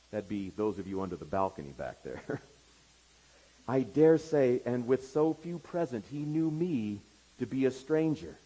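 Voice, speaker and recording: A man's voice: mid-range voice, sing-song, a little slow, warm tone, slightly rough, poor audio. A pastor preaching a sermon, retelling a story to his congregation with wry asides.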